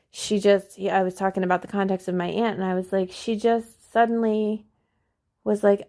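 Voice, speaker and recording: Woman, young adult, podcast host, casual personal story, soft and soothing at times, gravelly edge. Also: mid-range voice, little pitch movement. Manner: soft, slow and soothing when recalling what she told him; casual, with many "like"s.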